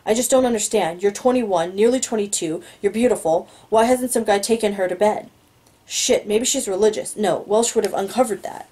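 A woman's voice: medium pitch, normal speed, dark tone, poor audio. A woman reading a novel aloud, narrating in the first person in an inward, musing way. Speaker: audiobook reader.

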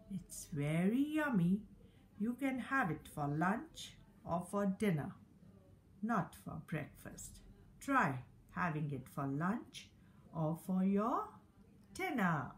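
A woman teacher tells a story to very young children in a sing-song voice. She speaks very slowly and swoops up and down a lot. Her voice sits fairly high. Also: slight background noise. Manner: slow, sing-song, counting along with listeners. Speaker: early years teacher.

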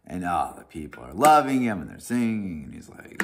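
Deep-voiced man leading a bible study. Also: moderate pace, a little hiss or hum. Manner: animated, many restarts and "right?", chuckles often. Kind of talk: casual Bible study talk with scripture reading.

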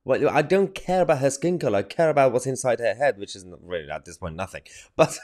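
A male commentator reacting to a televised debate, his voice swinging widely in pitch as he mocks what he hears. He sounds exasperated and sarcastic, and he laughs between his points. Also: sing-song, fairly quick, a little mellow. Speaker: political commentator reacting to a TV clip. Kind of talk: opinionated online commentary.

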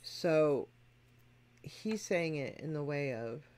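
A music reaction host talks straight to the viewers at a mid pitch, stressing each point as they explain it. The delivery is casual and conversational. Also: lively intonation, takes it slowly, a little mellow. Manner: emphatic and explanatory, addresses viewers directly. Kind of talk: casual spoken commentary to viewers.

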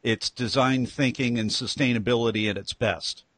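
A talkative male interviewer who circles his questions with restarts and asides. His voice is mid-pitched and sits close and dry, with no room around it. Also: steady tone, normal speed, fairly bright tone, dry recording. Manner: chatty, rambling, stumbles over words. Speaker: interview host. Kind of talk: casual interview talk.

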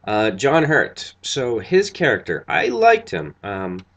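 A man's voice: medium pitch, wildly swooping pitch, takes it slowly, fairly bright tone. A tired man giving a casual, rambling spoken review of a TV episode, full of fillers and restarts. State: tired after a long night.

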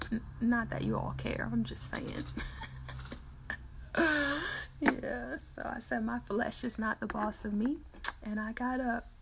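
A middle-aged woman hosts an early-morning Bible livestream, chatting with viewers as they type comments. Her slightly high voice has a gravelly fry, and she laughs easily. A faint hiss sits under the recording. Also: little pitch movement, takes it slowly, pauses often. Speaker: host of a daily Bible reading livestream. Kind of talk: casual chat with live viewers.

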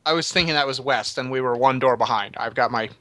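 A man playing in a tabletop game, chatting casually with quick quips. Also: medium pitch, sharp tone, dry recording. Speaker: player.

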